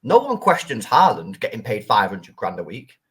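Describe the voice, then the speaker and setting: A man on a football fan panel, arguing his point in an animated, insistent way. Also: lowish voice, normal speed, husky. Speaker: panel guest. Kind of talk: football opinion talk.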